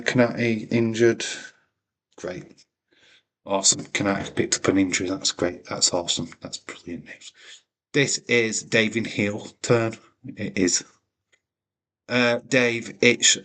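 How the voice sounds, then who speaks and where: A man's voice: fairly low pitch, a bit bright. A man hosting a live watch-along stream, swearing freely and teasing his chat with mock offence. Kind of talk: casual live-stream commentary.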